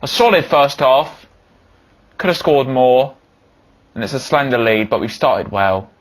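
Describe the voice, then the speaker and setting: A young man giving excitable commentary over a football video game, yelling when goals go in. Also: medium pitch, a little slow. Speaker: gaming YouTuber.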